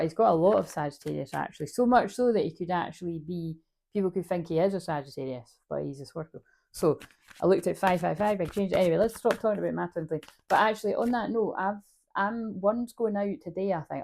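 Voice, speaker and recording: A woman's voice: on the low side, creaky, darkish tone. A woman giving a casual spiritual card reading, rambling, swearing freely and laughing at herself. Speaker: spiritual reader.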